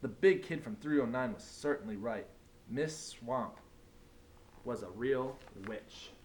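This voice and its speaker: A man, a teacher, reading a picture book aloud in an animated storytelling manner. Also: medium pitch, slow, slight background noise.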